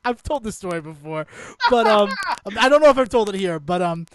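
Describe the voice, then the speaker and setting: A man's voice: sits high, animated, fairly quick, noisy background. A man co-hosting a podcast, telling a story in casual chat, laughing as he goes and swearing freely. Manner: laughs through his stories, swears freely. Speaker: podcast co-host.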